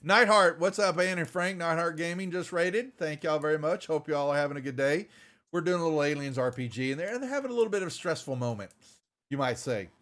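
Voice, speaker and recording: Running a tabletop game on a live stream, this game master talks briskly in a fairly high, slightly bright male voice. His talk rambles, with frequent restarts and greetings to viewers.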